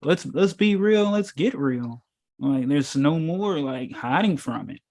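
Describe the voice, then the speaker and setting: A man's voice: fairly high pitch, expressive, slow pace, darkish tone. A man giving a casual, preachy talk as a spiritual teacher at an informal meetup, rambling and emphatic, with many fillers and rhetorical questions.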